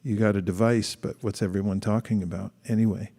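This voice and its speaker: A man with a low, mellow voice gives a brisk but relaxed, conversational sermon as a scripture class, pausing to read scripture aloud and reflect on it. A long reverb makes him sound as if he's in a large hall.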